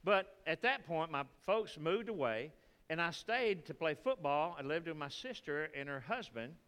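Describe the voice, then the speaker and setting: A man with a Texan accent preaching a sermon as pastor, folksy and animated, telling stories to the congregation. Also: a little high, normal speed, smooth, big-room sound. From Texas.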